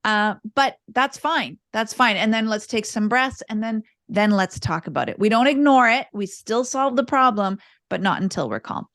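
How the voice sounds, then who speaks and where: Calm, explanatory woman with a high voice. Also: moderate pace, few pauses, no room sound, clean studio sound. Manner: calm, explanatory, repeats words while thinking. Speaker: podcast guest, parenting speaker. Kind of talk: casual interview talk.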